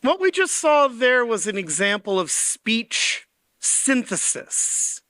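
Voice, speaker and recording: A man with a notably high, very bright voice gives a playful conference talk. He slips in puns and quick asides, and his clear tone comes across close and dry. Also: sing-song, no echo. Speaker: conference speaker.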